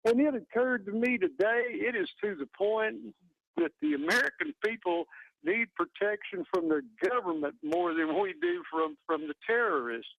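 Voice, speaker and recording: A man calls into a talk show while fighting a bad cold, earnest and indignant. His voice is gravelly and sits slightly high. The line sounds dry and close. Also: lively intonation, normal speed, no room sound, narrow, tinny audio. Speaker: caller. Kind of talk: call-in talk radio.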